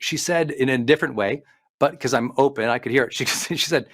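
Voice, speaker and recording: A middle-aged man, a performance coach, giving an emphatic motivational talk with slowed-down stresses and listed points. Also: medium pitch, a bit bright. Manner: emphatic, preachy delivery with slowed stresses and lists.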